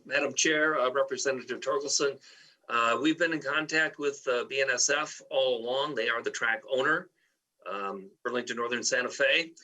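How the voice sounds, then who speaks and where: A man testifying at a hearing, explaining the details informatively with many pauses and fillers. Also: mid-range voice, sharp tone. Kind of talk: answering questions in a hearing. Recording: distant from the mic.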